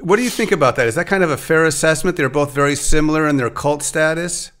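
This man hosts a podcast and talks casually with a guest, his voice quick, fairly bright and on the high side. He hesitates a lot and often starts his sentences over in a loose, conversational way.

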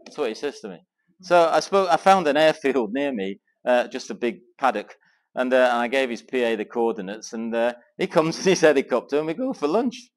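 Middle-aged english bloke telling a story at a church men's weekend, acts out the chats, voice jumps all over. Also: male voice, medium pitch, a little fast. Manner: animated anecdotal storytelling with voiced dialogue. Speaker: speaker at a men's Christian weekend. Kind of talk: storytelling talk to a live audience.

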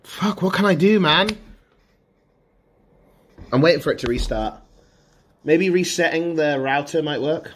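A man's voice: fairly high pitch, unhurried, long pauses. A man streaming from his room, ranting to chat in an exasperated, swearing way. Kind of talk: frustrated live-stream rant. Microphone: mobile phone held to face.

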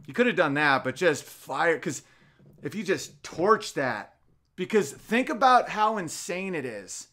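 A man in his thirties hosts a casual podcast, ranting and swearing freely between comments he reads aloud. His voice sits a touch high for a man, and he jumps from loud, heated outbursts to low mutters. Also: expressive, normal speed. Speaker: podcast host. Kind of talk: casual podcast rant, reading chat comments.

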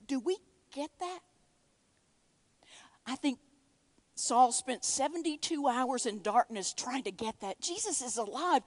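A woman preaching a sermon, swinging between loud emphatic lines and hushed, whispered ones. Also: sits high, expressive, a little slow, pauses often, dry recording.

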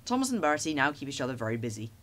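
A man reads a children's storybook aloud with lively expression. His voice sits in an ordinary middle range, neither deep nor high. The telling is steady and clear. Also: rapid-fire. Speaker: narrator. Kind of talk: storybook narration.

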